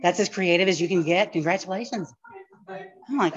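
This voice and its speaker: A woman pastor with a drawl, teaching a live church class. She talks fast and animated, throwing in asides, in a lowish voice. The recording is dull and lo-fi.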